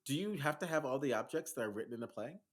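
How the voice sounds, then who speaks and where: A man's voice: medium pitch, expressive, racing. A man co-hosting a casual podcast who asks curious, playful questions and sometimes jokes around. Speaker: podcast co-host. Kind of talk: casual chat.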